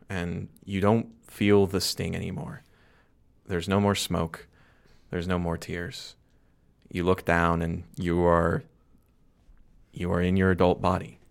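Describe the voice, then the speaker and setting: A man running a tabletop game as game master, narrating the scene in a vivid, suspenseful way with pauses. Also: low voice, flat delivery, vocal fry, clear, resonant tone. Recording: noticeable background noise.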